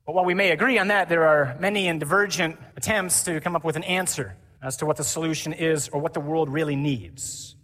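Male priest, animated conference sermon, higher-pitched, reverberant hall. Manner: lively, animated preaching with mimicry.

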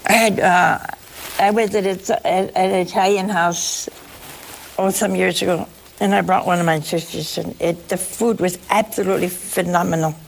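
Gravelly-voiced woman giving a folksy sermon. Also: lowish voice, steady tone, slight background noise. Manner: folksy, emphatic, slow stresses on key words. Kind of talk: sermon-like talk to listeners.

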